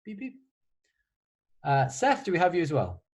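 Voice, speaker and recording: A man's voice: on the high side, wildly swooping pitch, normal speed, vocal fry, rough recording. A man who is a composer, answering student questions on a video call in a casual, hesitant way, with many restarts and a wry humor. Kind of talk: casual online Q&A.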